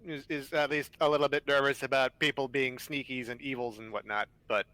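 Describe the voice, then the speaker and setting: A man playing in a tabletop game, talking casually and a little haltingly. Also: medium pitch, little pitch movement, pushed and bright, no echo. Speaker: player. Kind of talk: casual tabletop role-play.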